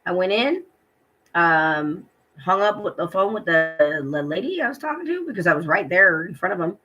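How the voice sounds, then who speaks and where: A woman's voice: fairly low pitch, expressive, normal speed, over music, low-quality recording. A middle-aged woman talking in a personal vlog, emotional and hurting, rambling with many fillers as she retells her day. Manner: rambling and heartfelt, full of fillers and retold dialogue. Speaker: vlogger.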